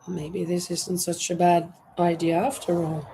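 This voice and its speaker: Lady crocheting on her terrace, chatting slow and easy with viewers, faint outdoor hum behind. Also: lowish voice, level tone, low-quality recording. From Norway. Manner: chatty, reads viewer comments aloud, thinks out loud while working. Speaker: crochet livestream host. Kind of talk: casual live chat while crocheting.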